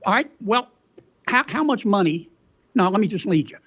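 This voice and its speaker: A high-pitched man questions an officer at a hearing. He leads the witness with folksy, halting questions and keeps pressing for agreement. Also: lively intonation, fairly bright tone.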